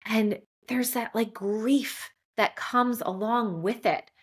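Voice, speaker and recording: A woman's voice: fairly high pitch, fairly even intonation, takes it slowly, husky. Candid woman podcaster. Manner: candid, emotional storytelling with many fillers. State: close to tears at times. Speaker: podcast host. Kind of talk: solo podcast monologue.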